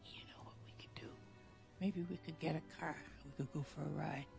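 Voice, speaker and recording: An actress playing a frail elderly woman with dementia in a film drama, whose voice is gravelly and quavering. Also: deep voice, steady tone, brisk, over music. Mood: wistful. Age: older. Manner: soft wistful talk that breaks into frantic screaming.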